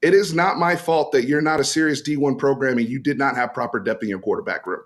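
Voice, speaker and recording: A man's voice: mid-range voice, fast. A man co-hosting a sports podcast, arguing insistently and repeating his questions to corner his opponent. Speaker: co-host and college football fan. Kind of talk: heated sports podcast debate.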